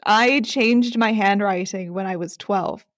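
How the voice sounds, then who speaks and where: A woman's voice: mid-range voice, measured pace, no room sound, studio quality. A young woman hosting a podcast, chatty and self-deprecating, laughing often. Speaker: podcast host. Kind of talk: casual chat.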